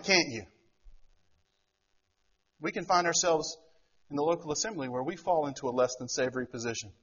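A middle-aged man preaches a sermon in a husky, rather high voice. He keeps turning to the listeners with rhetorical questions and acts out the voices he quotes. The recording sounds dull and lo-fi. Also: fairly bright tone. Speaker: pastor.

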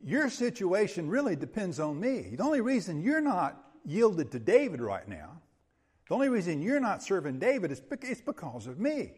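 A man's voice: high-pitched, wildly swooping pitch, normal speed, a little mellow, husky. A male pastor preaching an expository sermon in an emphatic, conversational way, often checking in with his listeners. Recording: long hall reverb.

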